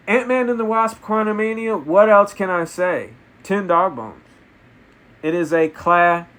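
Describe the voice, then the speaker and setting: A man reviewing a film in a comedic, deadpan way, retelling absurd story events. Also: sits high, measured pace. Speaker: movie reviewer. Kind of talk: comedic spoken movie review.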